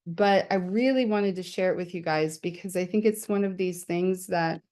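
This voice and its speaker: A woman's voice: fairly low pitch, moderate pace, a little mellow. A woman poet hosting her book launch on a video call, talking casually and candidly with lots of fillers and laughter. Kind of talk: casual chat.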